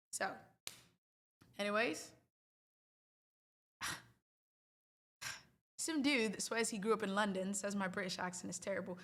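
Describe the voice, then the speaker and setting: A woman streamer chatting loosely with her audience, wandering from thought to thought with playful asides. Her voice sits at an ordinary middle pitch, casual and unscripted. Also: moderate pace, long pauses, pushed and bright. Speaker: livestream host. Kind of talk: casual livestream chat.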